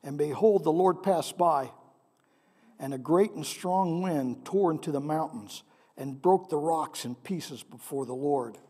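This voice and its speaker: A man's voice: on the high side, a little slow, mellow. A male pastor delivering a sermon in a conversational way, often putting questions to his congregation. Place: church sanctuary. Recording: long reverb of a large hall.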